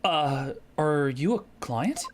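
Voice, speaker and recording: A woman's voice: deep voice, animated, takes it slowly, noisy background. A woman doing a laid-back male lawyer. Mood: polite. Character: easygoing male defense lawyer, middle-aged. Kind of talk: fan voice dub of a game.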